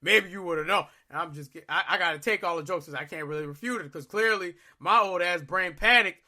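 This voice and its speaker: A young adult podcast host telling a story in a profane, self-mocking, animated way. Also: medium pitch, a little fast.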